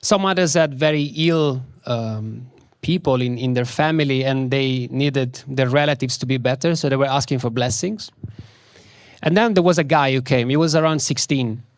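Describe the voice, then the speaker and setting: A man giving a spiritual talk, telling a story slowly and with emphasis, repeating key words. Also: mid-range voice, no echo, studio quality.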